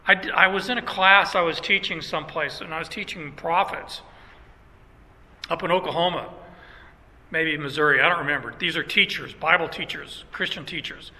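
A man's voice: a little high, normal speed, big-room sound, low-quality recording. A man from Germany, a Bible teacher, speaking emphatically about how to interpret Scripture and telling stories from his classes. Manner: emphatic, animated storyteller. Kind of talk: speaking on theology.

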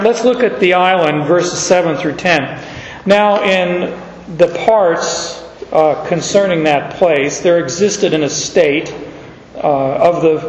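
A man preaching a sermon in a loose, conversational way, his voice sitting a little high for a man. He tells stories with easy fillers and pauses. The recording is dull and lo-fi, with long reverb from a large hall. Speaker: pastor.

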